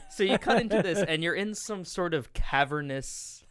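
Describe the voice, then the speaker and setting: A man co-hosting a podcast movie review, chiming in with agreements and quick asides in casual chat. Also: high-pitched, animated, a bit bright, no room sound.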